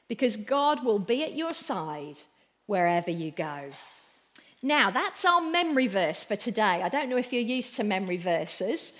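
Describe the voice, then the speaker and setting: A woman's voice: on the high side, fairly bright tone. A woman giving an all-age church talk, playful and encouraging as she speaks directly to the children. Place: church hall.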